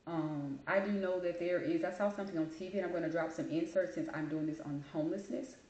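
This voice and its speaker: A woman talks through her own stories in a loose, chatty monologue, full of asides to her listeners. Her voice sits a little low. The room is echoey and the recording sounds dull and lo-fi. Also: fast, darkish tone. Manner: chatty, storytelling, Southern colloquial phrasing. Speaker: host. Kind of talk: casual monologue.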